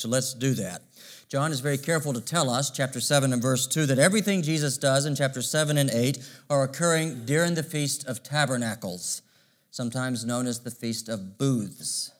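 A male pastor of medium pitch preaches a sermon in a measured, emphatic manner, posing rhetorical questions.

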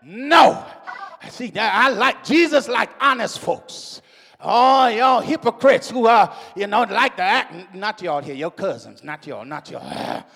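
A preacher with a husky, very high voice shouts his sermon in slow, drawn-out phrases. He talks with the congregation in call-and-response. His voice rings in the long reverb of a church hall. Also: expressive.

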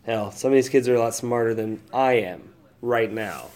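A married man hosting a casual solo podcast, rambling, swearing freely and thinking out loud as he goes. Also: medium pitch, normal speed. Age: adult, old enough to be married. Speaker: podcast host.

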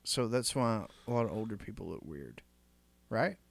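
A man co-hosting a casual podcast, trading easygoing banter, quick to laugh and to curse. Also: lowish voice, very animated, gravelly, no echo. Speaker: podcast co-host. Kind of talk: casual chat.

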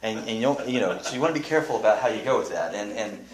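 Male Bible teacher, casual and animated, lively swinging pitch. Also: racing. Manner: animated, restarts often, reads scripture aloud.

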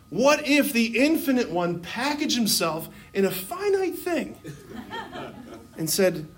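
A man who is a Catholic priest, giving a lively, conversational sermon to a live audience, full of asides and fillers. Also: high-pitched. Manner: animated and conversational, with many fillers. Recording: roomy hall sound with faint noise.

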